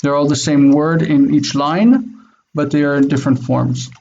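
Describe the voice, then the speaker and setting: A man teaching a Biblical Hebrew class over a video call, drilling pronunciation slowly and patiently. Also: on the high side, fairly even intonation, creaky, a little mellow, highs cut off. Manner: slow, careful pronunciation drills.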